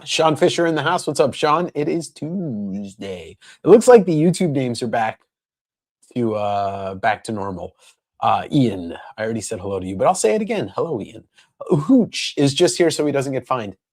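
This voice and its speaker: Male stream host, casual sale chatter, playful and friendly, mid-pitched. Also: lively intonation, normal speed. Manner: upbeat, jokey, greets viewers by name. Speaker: live-stream seller and host. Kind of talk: casual live-stream chat.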